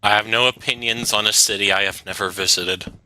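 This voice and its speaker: A man's voice: fairly low pitch, fairly even intonation, a little fast, sharp tone, slight background noise. A man streaming a game, chatting casually and reacting to viewer questions as he plays. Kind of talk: live gaming stream chat.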